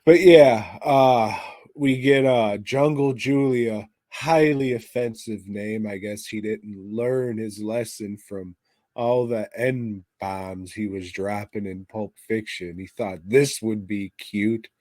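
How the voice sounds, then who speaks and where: A man's voice: lowish voice, slow pace, mellow, dry recording. A man co-hosting a podcast, reviewing a movie in casual chat with crude, sarcastic, swear-heavy remarks. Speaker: podcast co-host. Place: podcast studio.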